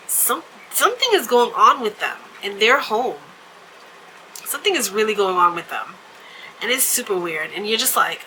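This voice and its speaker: Woman, vlog host, very bright sharp voice, chatty storyteller, everyday casual talk. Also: mid-range voice, expressive, brisk, slight background noise, low-quality recording. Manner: chatty storytelling with frequent fillers and laughs.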